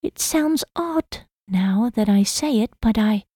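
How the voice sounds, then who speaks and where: A woman reading the lines of an earnest young woman in love, soft and lilting. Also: fairly high pitch, expressive, takes it slowly, slightly rough, no room sound, clean studio sound, pitched above the performer's own voice, exaggerated voice. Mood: shy.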